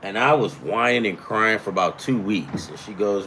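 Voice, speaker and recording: A man's voice: fairly low pitch, animated, normal speed, pushed and bright, a little hiss or hum. A man hosting a casual sports betting chat, rambling and profane, with self-deprecating asides. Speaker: sports betting picks host.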